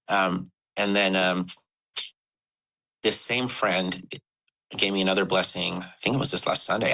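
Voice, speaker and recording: A young man, a podcast guest, candidly telling a personal story in a halting, earnest way, with many fillers and restarts. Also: low voice, gravelly, bright, forceful tone, low-quality recording.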